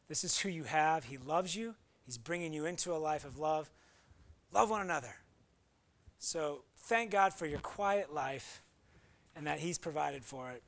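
A man delivers a sermon in a high, gravelly voice. He moves between talking plainly with his listeners and breaking out in sudden emphatic bursts, sounding earnest throughout. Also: fairly bright tone. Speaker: pastor.

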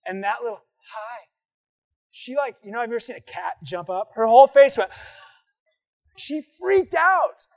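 A man preaching a sermon, telling stories animatedly and acting out voices, swinging from hushed asides to loud excited bursts. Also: sits high, brisk. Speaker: pastor.

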